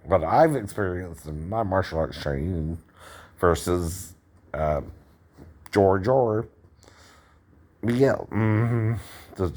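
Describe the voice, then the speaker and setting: A man in his fifties talks slowly in a low voice, rambling through his commentary. He laughs under his breath between thoughts and keeps checking in with the listener by asking "right?". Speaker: video commentator.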